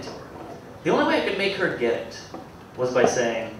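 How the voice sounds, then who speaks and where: Deadpan comedy guy, kinda high voice, halting and self-mocking, super echoey club, crowd loud behind him. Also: recorded from a distance, slight background noise. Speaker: stand-up comedian. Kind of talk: stand-up comedy set. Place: comedy club with live audience.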